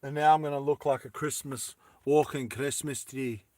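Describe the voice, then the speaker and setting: A man's voice: medium pitch, fairly even intonation, moderate pace, a little mellow, no room sound. A man chatting casually and playfully with live viewers while he makes earrings, joking and giggling often. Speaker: live streamer making jewellery. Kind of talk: casual live-stream chat while crafting.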